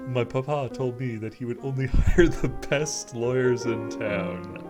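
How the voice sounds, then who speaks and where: A man voicing a pampered young noblewoman held in prison, speaking in a high, giggly voice over loud game music. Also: a little slow, natural voice. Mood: bubbly.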